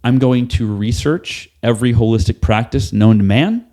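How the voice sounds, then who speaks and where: A man as a podcast guest, telling a personal story in an animated way, acting out what people said and swearing casually. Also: medium pitch, normal speed. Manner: animated, acts out quoted dialogue, casual swearing. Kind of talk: storytelling in a conversational interview.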